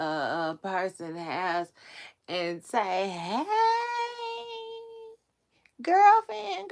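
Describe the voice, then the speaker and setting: This woman runs a celebrity gossip livestream, talking to viewers in a loose, drawn-out, rambling way punctuated by frequent laughter. Her voice is lowish but fairly bright in tone, picked up by a typical livestream mic.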